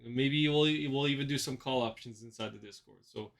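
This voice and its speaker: Man, casual market commentary, mid-pitched voice, rambling, fillers, desk mic. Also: brisk, vocal fry, a bit bright. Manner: rambling, repeats himself, many fillers. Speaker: trading channel host.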